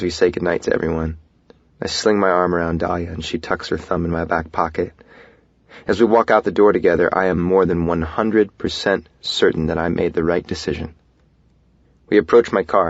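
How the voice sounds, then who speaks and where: A man narrating a first-person romance audiobook in a soft, intimate, reflective way. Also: sits low, steady tone, normal speed, creaky, dry recording, highs cut off.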